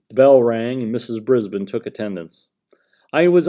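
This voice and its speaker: A man narrating a children's storybook aloud, reading in a gentle, expressive way. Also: mid-range voice, moderate pace. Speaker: audiobook narrator.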